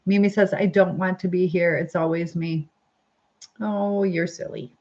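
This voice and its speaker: A woman's voice: lowish voice, steady tone, unhurried, darkish tone, highs cut off. A woman hosting a casual livestream, reading viewer comments aloud in a chatty, upbeat way, laughing often and using lots of fillers. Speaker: livestream host. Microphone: phone or webcam livestream.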